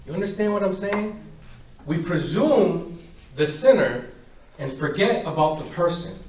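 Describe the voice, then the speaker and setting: A parish speaker with a high voice takes his time, with a little hiss or hum on the recording. Far from the mic in an echoey hall, he gives an animated faith talk, telling stories and voicing every character on both sides.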